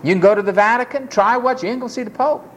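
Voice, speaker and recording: A preacher delivering a sermon in an emphatic, dramatic way, dropping to low murmurs and rising to high exclamations as she acts out the people in the story. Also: racing, slight background noise.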